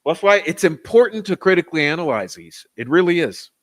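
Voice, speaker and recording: A man's voice: on the high side, very animated, brisk. A man giving profane, sarcastic, combative commentary on interview clips during a live stream.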